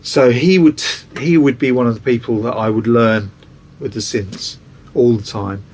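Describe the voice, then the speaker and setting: A man's voice: mid-range voice, steady tone, moderate pace, a little mellow. A man, a record producer, casually telling anecdotes in an interview and acting out other people's voices.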